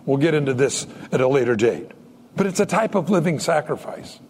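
A man's voice: a little high, animated, a little fast, darkish tone, in a large hall, slight background noise. A man preaching a sermon as a pastor, telling a story and acting out the dialogue. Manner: storytelling, acts out quoted dialogue.

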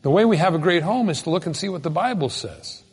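A man preaching a sermon in a folksy, animated storytelling manner with sudden loud bursts. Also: on the high side, quick pace, breathy edge, big-room sound. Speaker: pastor.

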